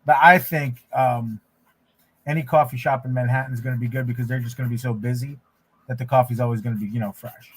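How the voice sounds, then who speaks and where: Relaxed rambling male streamer. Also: mid-range voice, fast, breathy edge. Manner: rambling, relaxed, frequent restarts. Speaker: livestream host, artist. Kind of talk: casual livestream chat while drawing.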